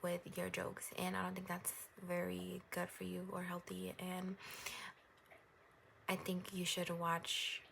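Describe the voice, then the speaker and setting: A young woman doing a casual tarot reading, rambling gently and reassuringly and laughing at herself. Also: lowish voice, completely flat delivery, takes it slowly, vocal fry, noisy background. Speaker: tarot reader.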